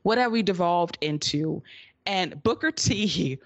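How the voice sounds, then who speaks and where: A woman's voice: on the low side, measured pace, no room sound, dull audio. A woman co-hosting a wrestling podcast, recapping matches in casual chat and often breaking into laughter. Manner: laughs often, animated storytelling. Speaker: podcast co-host.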